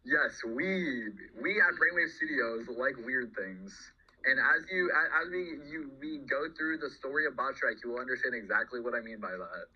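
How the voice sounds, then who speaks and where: A man's voice: medium pitch, animated, normal speed, husky. A game developer hosting a loose question-and-answer chat. He rambles, trips over his own sentences and laughs along the way. His voice sits in the middle range, and the recording sounds dull and lo-fi. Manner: rambling, self-correcting, laughs often. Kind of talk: casual developer Q&A.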